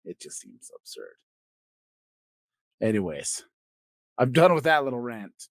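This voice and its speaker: A man hosting a comedy podcast, ranting crudely and swinging between loud outbursts and quiet asides. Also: medium pitch, sing-song, a little slow, dry recording. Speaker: podcast host. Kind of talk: comedic rant.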